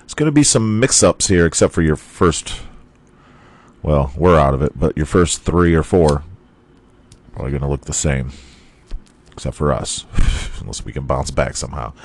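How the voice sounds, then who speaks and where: A man's voice: a bass voice, animated, normal speed, pauses often. Profane, ranting man reading football scores. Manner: profane, ranting, laughs at himself. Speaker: sports podcast host. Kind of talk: casual sports talk.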